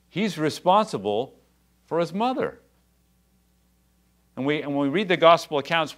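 A man preaching a sermon as pastor, talking conversationally and then building to passionate, rising emphasis. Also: medium pitch. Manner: conversational asides with quiet drops.

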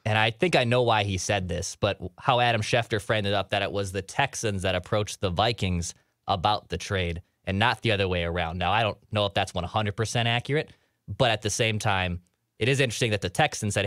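Low-voiced man in relaxed sports chat. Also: a little fast, no echo, studio quality. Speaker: podcast co-host.

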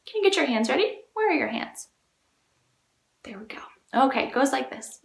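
A woman children's librarian leading a storytime, talking to young children in an animated, sing-song way. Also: high voice, normal speed, creaky. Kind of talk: children's storytime reading and singing. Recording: echoey room.

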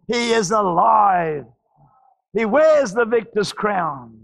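Fervent pastor, very high gravelly voice. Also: male voice, animated, takes it slowly. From Australia. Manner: fervent, shouting praises and repeating phrases. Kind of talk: charismatic sermon. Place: church service.

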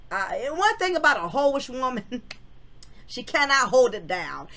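A woman hosting her channel, telling a personal story in a frank, slangy, animated way. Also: fairly high pitch, normal speed. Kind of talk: casual storytelling vlog.

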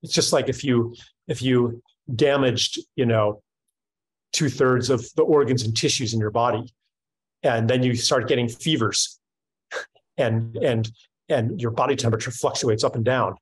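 A man's voice: medium pitch, unhurried, breathy edge, poor audio. A middle-aged man in a reflective conversation, talking thoughtfully with frequent restarts and fillers. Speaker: speaker in a panel conversation.

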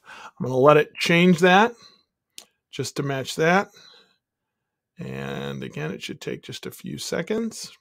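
Man, tech tutorial host, casual demo talk, thinks aloud, excited, fairly high voice. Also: slow, long pauses. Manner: chatty, excited, thinks aloud while clicking. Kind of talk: casual screen-recorded software demo.

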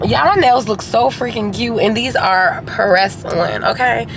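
A woman's voice: on the high side, a little slow, gravelly, noisy background. Chatty Southern woman vlogging from a car. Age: 20s. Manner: chatty, addresses viewers as y'all. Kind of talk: casual chat to camera. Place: in a car at a drive-through.

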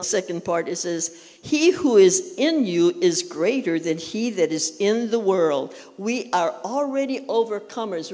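Preaching man in a reverberant church. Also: sits high. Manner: animated preaching, acts out quoted prayers. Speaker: pastor. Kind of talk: sermon. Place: church sanctuary. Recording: long hall reverb.

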